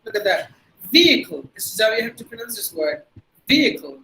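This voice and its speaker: Tamil-accented male webinar lecturer, high voice, fast talker, spells and repeats words. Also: fairly bright tone, a little hiss or hum, rough recording. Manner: explains by spelling words letter by letter and repeating them. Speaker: webinar resource person teaching pronunciation. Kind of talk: online lecture. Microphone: video call.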